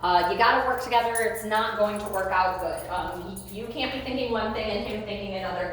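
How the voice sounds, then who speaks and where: A woman's voice: mid-range voice, fairly quick, few pauses, fairly bright tone. A woman training her dog on a leash, who mixes short praise like "good boy" with explanations to viewers. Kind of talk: live dog-training commentary. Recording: very echoey with faint noise.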